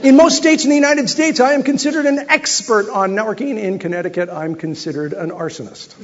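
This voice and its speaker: A man's voice: high-pitched, fairly quick, background noise. A man giving a speech to a live audience, telling a story animatedly and acting out what others said. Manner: animated, acts out other people's lines. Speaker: keynote speaker. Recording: echoey hall, slightly dull sound.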